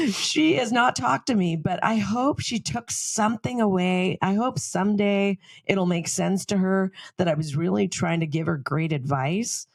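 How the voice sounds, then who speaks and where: Gravelly animated woman podcast co-host. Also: medium pitch, a little slow, few pauses, no echo. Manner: animated storytelling, laughs often. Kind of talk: casual chat.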